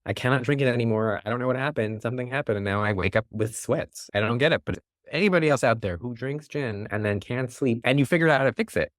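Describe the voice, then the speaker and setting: A man's voice: medium pitch, fast, fairly bright tone, no room sound, studio quality. An American man hosting a podcast in casual chat, playful and jokey, telling stories with animation. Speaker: podcast host.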